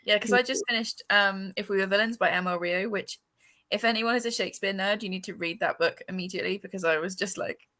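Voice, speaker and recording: A woman's voice: mid-range voice, fast talker, bright, forceful tone. A young woman chatting casually on a livestream, bubbly and laughing often. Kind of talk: casual chat.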